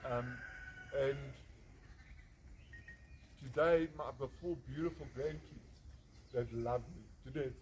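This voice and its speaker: A man in his late forties tells his testimony in an earnest, emphatic way, hammering home repeated phrases. His voice sits a little high for a man. It was recorded outdoors, with clear background noise and birds. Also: a little mellow, rough recording. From South Africa. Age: 40s. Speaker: rehab centre founder. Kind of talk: personal testimony.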